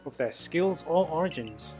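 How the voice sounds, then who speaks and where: A man's voice: on the high side, lively intonation, moderate pace, darkish tone, soft background music, lightly acted. A man voicing a cold, formal female captain in a game. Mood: stern.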